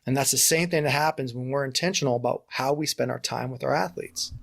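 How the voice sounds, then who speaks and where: A middle-aged man and coach, a guest on a podcast, telling stories with animated bits of voice acting for the people he quotes. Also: medium pitch, quick pace, vocal fry. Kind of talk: storytelling in a podcast interview.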